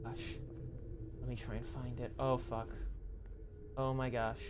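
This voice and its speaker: A man's voice: mid-range voice, level tone, measured pace, noisy background. A man acting as game master of a tabletop game on a stream, talking in a rambling, joking way. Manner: rambling, self-deprecating, joking.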